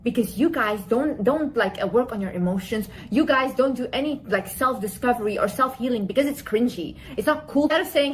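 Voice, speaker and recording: A woman's voice: on the high side, animated, fairly quick, hardly any pauses, low-quality recording. A woman giving a blunt, lecturing opinion in casual talk, full of filler words.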